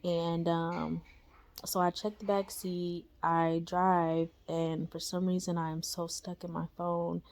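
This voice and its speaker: A woman's voice: on the low side, little pitch movement, takes it slowly, darkish tone. A young woman casually telling a personal spiritual story, chatty and slangy, full of fillers and tag questions like "right?" and "you know?". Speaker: storyteller sharing a spiritual experience.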